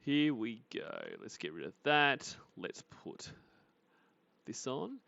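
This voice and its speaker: A man greets his stream chat one name after another in a relaxed, sarcastic way. His voice sits close and dry, with no room around it. The audio is a bit dull and lo-fi, like a home streaming setup. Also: mid-range voice, takes it slowly, creaky, dry recording. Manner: chatty, teasing, dry sarcasm. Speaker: livestream host. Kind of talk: casual chat greeting viewers.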